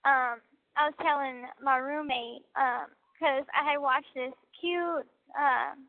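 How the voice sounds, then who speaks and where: A young woman talks casually and chattily, laughing often between stories. Her voice sits high and comes through a narrow, tinny prison phone line. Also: fairly even intonation, slow pace. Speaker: inmate on a prison call.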